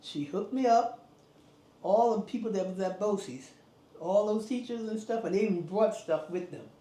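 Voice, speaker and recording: An older woman, founder of a girls' youth club, telling animated stories in an interview and acting out the voices she quotes in a folksy way. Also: medium pitch, normal speed. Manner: lively, acts out quoted voices, folksy phrasing. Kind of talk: animated storytelling. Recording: roomy echo, faint music behind.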